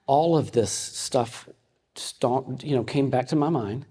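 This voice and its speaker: A man in his fifties teaching a ministry audience in a conversational way, telling personal stories with frequent halting restarts. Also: mid-range voice, dark tone, husky. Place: meeting room with an audience. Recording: long hall reverb.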